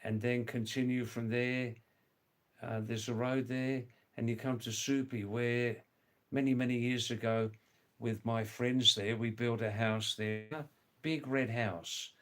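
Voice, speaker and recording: An older man hosting a casual livestream, reading viewer comments aloud in an unhurried way, repeating words and spelling out names. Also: medium pitch, level tone. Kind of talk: casual chat.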